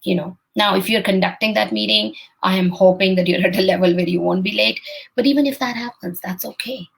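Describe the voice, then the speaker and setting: A woman's voice: mid-range voice, a little fast, vocal fry, breathy edge, rough recording. A woman hosting a motivational live stream, speaking directly and encouragingly to her viewers as a coach. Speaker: host and coach.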